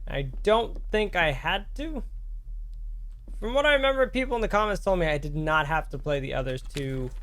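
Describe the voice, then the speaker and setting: A man's voice: high-pitched, expressive, normal speed, fairly bright tone. A man streaming a game live, joking and thanking viewers.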